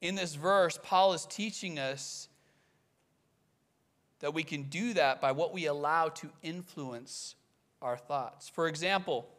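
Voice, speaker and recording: A man preaching a sermon as pastor, animated and acting out quoted voices. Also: on the high side, takes it slowly.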